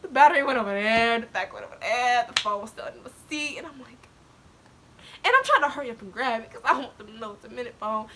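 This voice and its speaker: A woman's voice: fairly high pitch, fast talker, a little hiss or hum. A young adult woman vlogging, telling a personal story to her viewers casually, laughing often and slipping close to tears. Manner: animated, laughing often, swings into near-crying.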